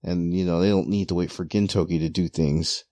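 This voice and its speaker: A man's voice: sits low, steady tone, a little fast, mellow, dry recording. A man hosting a casual podcast chat, rambling with lots of fillers and restarts as he talks through manga pages. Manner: rambling with many "you know" fillers and repeated restarts. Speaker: podcast host.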